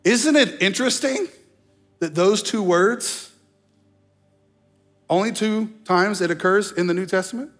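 A man preaching a sermon as pastor, animated, slowing down to stress key phrases and slipping into mock voices. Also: sits high, soft background music. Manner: slows down for emphasis on key phrases. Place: church sanctuary.

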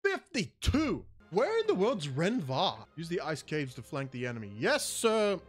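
A man giving excitable, panicky running commentary while he plays a shooter game. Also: on the high side, unhurried, few pauses, slightly rough, faint music behind. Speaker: gaming channel host. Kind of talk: gameplay commentary.

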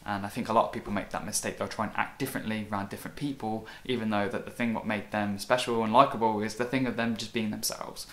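A man's voice: lowish voice, fairly even intonation, fast, few pauses, a bit bright. A man hosting a reaction video, talking in a casual, earnest and reflective way, loose with fillers.

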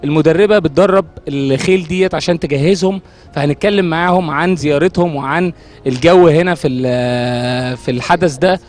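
A man's voice: on the high side, a little mellow. An Egyptian man with an Egyptian Arabic accent, hosting a playful field interview outdoors at a horse race. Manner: rapid, playful, jokes with his assistant. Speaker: TV host.

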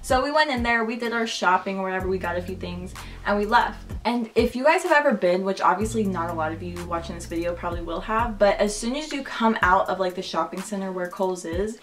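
A woman's voice: mid-range voice, lively intonation, fairly quick, soft background music. A young woman telling a casual storytime, chatty and full of "like". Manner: chatty, heavy use of "like". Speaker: vlogger.

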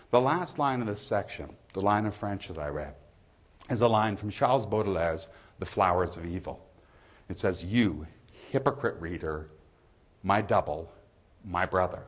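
A man who is a literature professor, giving a measured, emphatic university lecture in a lecture hall. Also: on the low side.

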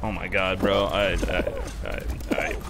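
A young man streaming a game live, excitable and swearing, swinging from loud outbursts to muttering. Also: low voice, measured pace, heavy background noise. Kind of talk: live-stream gaming chat.

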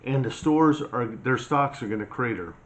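A man's voice: medium pitch, moderate pace. A man ranting in a blunt, mocking, scolding monologue as a prepper vlogger. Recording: slightly dull lo-fi sound, faint hiss.

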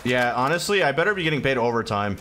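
Bright, teasing man in game chat. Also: medium pitch, expressive, quick pace, slight background noise. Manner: laughing, teasing, bossy calls to the team. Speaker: gamer. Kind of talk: casual gaming banter.

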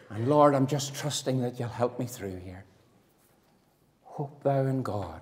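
A man from Northern Ireland preaching a sermon in a church hall, impassioned, swinging from loud declarations to hushed, quiet lines. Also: medium pitch, a little slow, long pauses.

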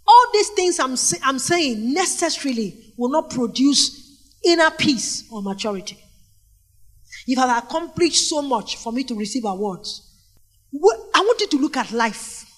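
A middle-aged Nigerian woman preaching a sermon, telling stories with animated energy and calling out questions to the congregation. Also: sits high, normal speed, breathy edge. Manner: animated storytelling with call-and-response questions to the congregation.

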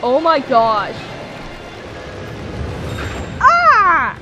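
A woman commenting on her video game as she plays, with excitable, squealing reactions. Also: sits high, extremely slow, highs cut off, music in the background. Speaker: gamer playing a video game. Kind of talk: let's play commentary.

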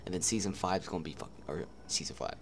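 A young man casually commenting over a game he is playing, swearing often and getting excited. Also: deep voice, very fast, a little hiss or hum. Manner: profane, excitable, laughs a lot. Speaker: gaming streamer. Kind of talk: casual let's-play commentary.

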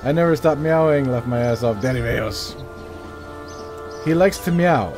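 A man streaming a game live, chatting and joking with viewers in a casual, animated way while sounding tired. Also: mid-range voice, unhurried. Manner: animated, jokey, chats with viewers. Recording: game soundtrack music playing behind. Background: game soundtrack music.

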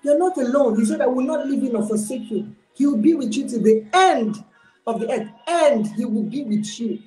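A woman's voice: high voice, lively intonation, moderate pace, warm tone, soft background music. A woman giving an informal, exhorting online sermon, mixing in pidgin phrases. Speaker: preacher. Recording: roomy echo.

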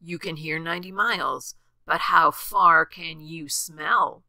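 A woman voicing a big gruff male bear who snorts and sneers. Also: low voice, slow, sharp tone, no echo, heavily acted. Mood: scornful. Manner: snorting, scornful.

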